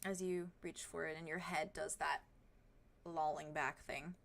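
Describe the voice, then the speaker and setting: Woman game master, lower voice. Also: fairly even intonation, unhurried, vocal fry, slight background noise. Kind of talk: narrating a tabletop game.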